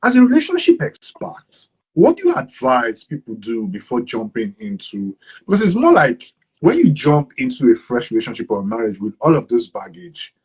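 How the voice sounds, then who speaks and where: Nigerian guy hosting an interview, bouncy pitch, husky-ish voice. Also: moderate pace, rough recording. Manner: lively, mixes in pidgin. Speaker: interviewer, host. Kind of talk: interview conversation.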